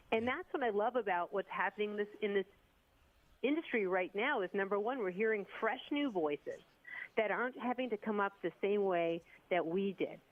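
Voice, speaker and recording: A woman in her fifties, a sports broadcaster chatting on a radio show, telling stories in a lively, animated way. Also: medium pitch, dry recording. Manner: chatty, animated storyteller who slips into voices. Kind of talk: casual radio chat. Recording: dull remote line.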